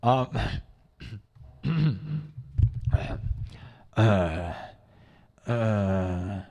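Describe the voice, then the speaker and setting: A man's voice: on the low side, lively intonation, drawn-out words, a little mellow. A man from Iowa in his thirties with a sore throat, chatting casually and boastfully on a livestream, saying dude and bro. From Iowa, United States. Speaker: livestream music host.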